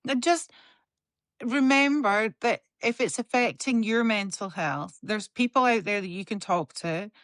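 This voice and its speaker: A woman co-hosting a podcast in casual chat, talking openly and telling stories with lively swearing. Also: medium pitch, a little slow, no echo, clean studio sound. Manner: chatty, swearing, animated storytelling. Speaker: podcast co-host. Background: talking while tending a dog.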